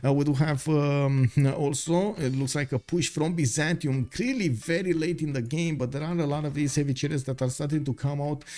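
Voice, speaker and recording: A man's voice: fairly high pitch, brisk, hardly any pauses, darkish tone. A man giving live commentary on a strategy game match, talking with many fillers, reading viewers' messages aloud, and saying he is losing his voice. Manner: rambling, filler-heavy, reads chat aloud. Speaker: esports caster.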